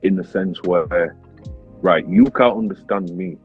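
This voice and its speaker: Husky man on a tinny line. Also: low voice, measured pace. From Leeds, England. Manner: animated, swears often, says "bro" constantly. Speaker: guest, grime artist and battle rapper. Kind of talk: casual storytelling interview. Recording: tinny phone-like sound with faint music.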